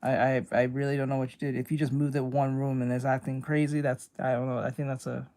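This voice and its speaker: A woman's voice: rumbling low, level tone, quick pace, dark tone. A woman streamer chatting casually while she draws, rambling and blunt, swearing freely and laughing often. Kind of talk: casual chat while drawing.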